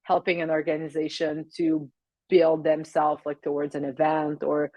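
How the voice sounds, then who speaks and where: A young woman from Canada with a French Canadian accent, a native French speaker, chatting as a podcast guest, hesitant with many fillers and quick laughs. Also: low-pitched, monotone, warm tone, dry recording. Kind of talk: casual interview chat.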